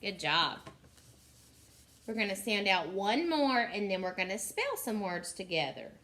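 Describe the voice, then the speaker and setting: A woman teaching a phonics lesson to young children, sounding out letters slowly and deliberately and praising often. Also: mid-range voice, sing-song, pushed and bright.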